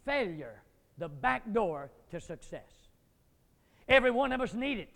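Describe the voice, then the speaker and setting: A man preaching a dramatic sermon, acting out biblical figures and climbing to near shouts. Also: high voice, big pitch swings, measured pace, creaky. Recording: long hall reverb.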